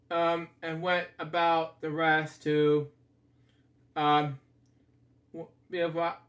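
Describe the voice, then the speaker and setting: A man's voice: fairly high pitch, fairly bright tone. A man casually reading a children's picture book aloud, often stumbling, stopping to comment and apologizing to his listeners. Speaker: storybook reader.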